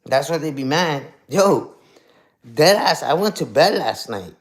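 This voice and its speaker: A livestream host rants casually to his chat, talking fast and loose with plenty of street slang and rhetorical "you heard?" tags. His voice is a little high for a man, and its intonation is lively, swinging up and down as he gets worked up.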